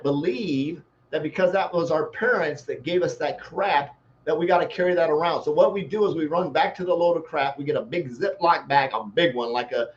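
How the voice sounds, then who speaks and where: A man's voice: a little high, lo-fi sound, slight background noise. A man giving a motivational talk as a life coach, telling a folksy, rambling story built on homespun analogies.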